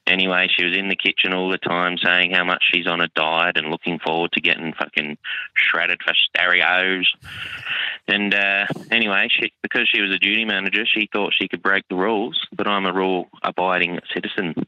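Rowdy Aussie caller, low-pitched and crude, phone message with a dead, muffled sound. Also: male voice, steady tone, moderate pace, smooth, dry recording. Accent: Australian. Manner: crude, swearing, rowdy storytelling. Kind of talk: phoned-in story.

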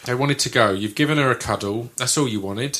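A man's voice: medium pitch, brisk, a bit bright, slight background noise. A man in casual banter, teasing and cutting in with jokes. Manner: teasing, jokey interruptions, calls people mate.

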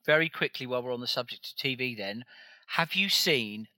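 A man's voice: mid-range voice, expressive, brisk, pushed and bright, dry recording. A man co-hosting a casual chat, blunt and wry in his takes. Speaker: podcast co-host.

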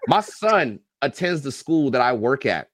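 A man in his thirties or forties, a football coach and YouTube reactor, telling animated, profane, joking stories as a guest on a podcast interview. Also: mid-range voice, measured pace, dry recording, studio quality. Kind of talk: casual podcast interview storytelling.

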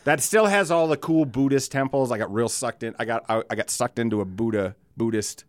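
Speaking fairly quickly at medium pitch, a man co-hosts a podcast, chatting casually with rambling, profane talk and frequent laughter. There's no room sound on the recording.

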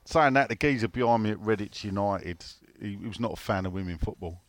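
A man co-hosts a laid-back football podcast, speaking fairly quickly in a voice on the low side. He rambles through stories, swears freely and reads out listener questions.

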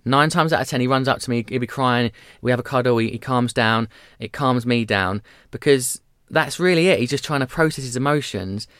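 A man's voice: medium pitch, smooth, no echo, studio quality. A man in his thirties, chatting candidly as a podcast guest and acting out little voices as he tells stories. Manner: animated storyteller, quick, acts out voices. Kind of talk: candid conversational chat.

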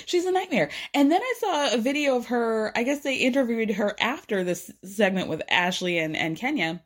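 A woman chatting casually and gossiping, telling stories in an animated, laughing way and swearing freely. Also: fairly high pitch, normal speed. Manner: animated, laughing, profane storytelling. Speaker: reality TV commentator.

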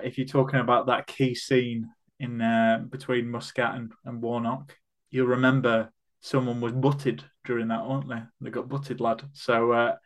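A man hosts a relaxed football podcast, talking casually and filling gaps with ums. He keeps the segment moving and hands turns to his co-hosts. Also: mid-range voice. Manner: chatty, many ums, steering the segment. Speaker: podcast host. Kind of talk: casual chat.

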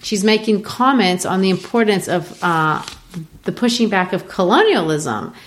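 A woman from Brazil talking casually about a play, retelling scenes in a lively way with frequent fillers. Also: medium pitch, moderate pace, slight background noise. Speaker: co-host discussing a play. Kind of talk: casual literary discussion.

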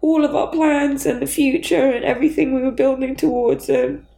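A grieving woman talking candidly as a guest, halting and raw, swearing bluntly. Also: sits high, steady tone, gravelly, mellow, echoey room, rough recording. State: grieving, near tears. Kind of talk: candid conversation.

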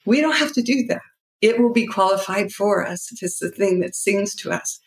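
Animated and at a moderate pace, this middle-aged nonprofit founder talks in a medium-pitched voice during an interview. She is a guest, and her words come out heartfelt, emotional, and meandering, in a roomy-sounding space.

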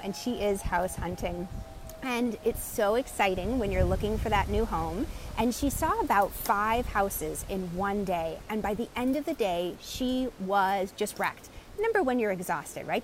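A woman energy coach telling client stories in an animated way and greeting live viewers by name. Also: mid-range voice, slight background noise. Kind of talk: live-stream teaching talk.

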